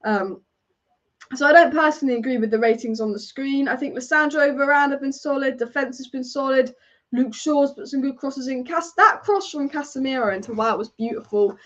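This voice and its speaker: A woman's voice: high-pitched, a little fast, fairly bright tone. Chatty young woman reading match stats. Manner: chatty, reads out statistics, answers viewer comments. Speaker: fan channel host. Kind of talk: casual live match watch-along commentary. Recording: dull lo-fi live stream audio.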